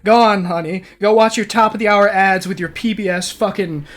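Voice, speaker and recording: A man playing a hot-tempered, petty home-cook husband in a profane, shouty tirade. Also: sits high, steady tone, fairly quick, natural voice. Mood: enraged rant.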